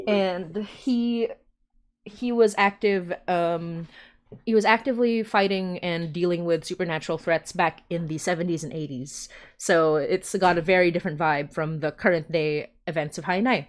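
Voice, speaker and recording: A woman hosts a casual podcast chat in a lowish voice. She rambles warmly through fillers and laughs often as she talks. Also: a little slow. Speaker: podcast host.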